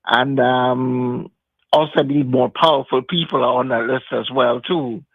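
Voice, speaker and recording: A man from New York calling in to a talk show, halting with many ums. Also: medium pitch, fairly even intonation, no echo, phone-quality sound. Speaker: caller. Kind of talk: phone call into a talk show.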